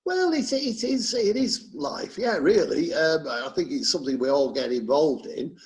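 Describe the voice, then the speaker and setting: An English man co-hosting an opinion chat, conversational, telling stories with halting restarts. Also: a little high, sing-song, poor audio. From England. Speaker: co-host.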